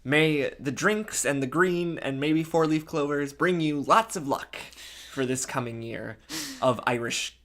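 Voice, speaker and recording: Talking a little slowly, an excitable podcast co-host gushes about fan fiction in a casual chat. The mid-pitched voice keeps tripping over itself, restarting lines and breaking into laughter.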